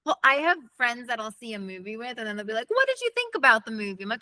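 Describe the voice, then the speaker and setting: Bright-voiced chatty actress. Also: female voice, on the high side, sing-song, quick pace, no echo. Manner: chatty, laughs often, acts out her own thoughts. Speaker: actress, interview guest. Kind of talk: casual interview chat.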